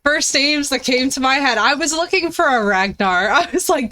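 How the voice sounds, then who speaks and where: Woman streamer, slightly high voice, lively, profane storyteller. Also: moderate pace, hardly any pauses. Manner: animated, swearing, laughing storyteller with big pitch jumps. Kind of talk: casual chat.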